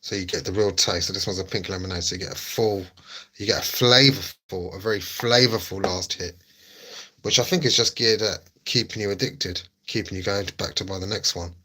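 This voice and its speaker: A middle-aged man with a low-pitched, sharp-toned voice talks fairly quickly while hosting a laid-back livestream. He reads the chat and answers his viewers with relaxed, chatty banter, often repeating himself.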